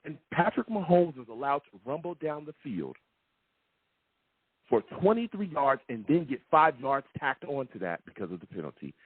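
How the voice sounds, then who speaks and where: A fired-up man hosts a sports call-in show, ranting and repeating himself, his pitch swinging wildly and a little high. His voice is husky and comes through a tinny, phone-like line. The sound is dry and close. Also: big pitch swings, normal speed, dry recording. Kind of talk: heated sports call-in talk.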